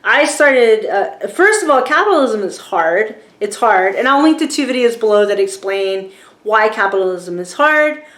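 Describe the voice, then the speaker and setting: A woman in her forties with a light Southern American accent talks to camera with a slightly high pitch. She rambles casually, restarting her sentences and filling pauses with ums and likes. Her voice rings in a noticeably echoey room. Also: expressive, a bit bright. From rural Virginia, USA. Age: 40s. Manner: rambling, chatty, lots of restarts and fillers. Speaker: YouTuber. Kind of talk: casual talking-to-camera book review.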